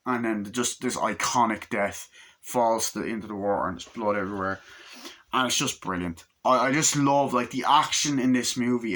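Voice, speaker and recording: A young man in his twenties chats about a film in a loose, rambling and excited way, dropping swear words into nearly every sentence. His voice sits on the low side but sounds bright and forceful. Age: 20s. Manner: rambling, enthusiastic, heavy swearing. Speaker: movie reviewer. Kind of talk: casual chat.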